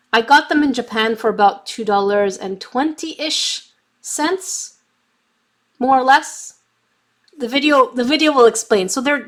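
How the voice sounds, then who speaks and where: A young adult woman casually chatting on a craft livestream, reading viewer comments while testing markers, with a slight cough from bronchitis. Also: on the high side. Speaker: craft YouTuber reading live chat.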